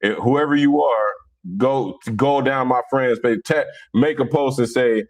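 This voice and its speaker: A man's voice: medium pitch, unhurried. A man giving a blunt, boastful casual monologue full of street slang. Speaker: speaker on religion.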